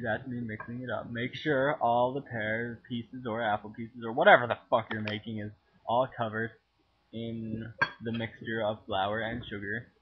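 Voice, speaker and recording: Husky teen guy messing around in the kitchen, swears a lot, sounds like a tinny old camcorder. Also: medium pitch. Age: teens. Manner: crude, joking, sudden loud outbursts. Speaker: home cooking video maker. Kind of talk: goofy profane cooking vlog. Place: home kitchen. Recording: tinny lo-fi home camera audio.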